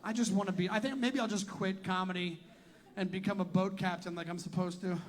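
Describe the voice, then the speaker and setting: High-pitched male stand-up comic, brash, teasing, foul-mouthed crowd work. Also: steady tone, brisk. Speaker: stand-up comedian. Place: tent venue with a live audience.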